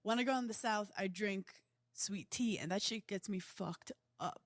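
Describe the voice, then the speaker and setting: A woman's voice: mid-range voice, normal speed, dry recording, clean studio sound. A woman from the New area, a podcast guest who is brash and teasing and swears freely in casual chat. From New York area.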